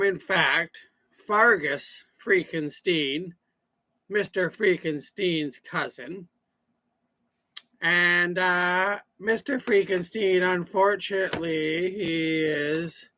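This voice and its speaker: A rambling country cousin with a drawl, played by a man for a comic monologue. His gravelly voice sits fairly high and bright, and he drags every folksy sentence out slowly. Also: no echo, exaggerated voice. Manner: slow, folksy, rambling storyteller.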